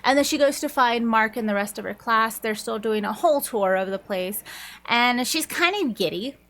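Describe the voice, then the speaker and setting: A woman's voice: on the high side, expressive, moderate pace, a bit bright. A woman reviewing a book, chatting casually and rambling through the plot with frequent laughs.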